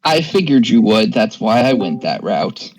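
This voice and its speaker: A man playing a tabletop game online, relaxed and matter-of-fact. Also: lowish voice, measured pace. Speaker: player. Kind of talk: casual tabletop play. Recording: noisy voice chat from far off.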